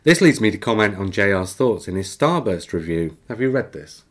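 Low-voiced man reading mail on a podcast. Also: big pitch swings, normal speed. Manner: chatty, laughs easily, dry self-mocking asides. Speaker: podcast host. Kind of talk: casual podcast chat, reading a listener email aloud.

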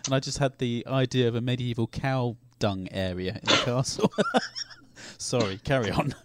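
A man co-hosting a podcast who wanders into meandering local stories. His voice sits at a middle pitch. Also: steady tone, normal speed, a little hiss or hum. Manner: rambling, anecdotal. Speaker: podcast co-host. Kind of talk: casual group chat.

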